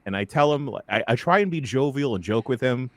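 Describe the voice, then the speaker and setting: A man's voice: medium pitch, lively intonation, brisk, no echo. A man hosting a podcast, telling a story in a casual, laughing way into a studio microphone. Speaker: podcast host. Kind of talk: casual chat.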